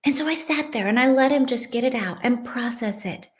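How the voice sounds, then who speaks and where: A woman's voice: fairly high pitch, a little fast. A woman in her late thirties, a podcast host and mother, telling a personal story in a heartfelt, conversational way. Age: late 30s. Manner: heartfelt, conversational, many "you know"s.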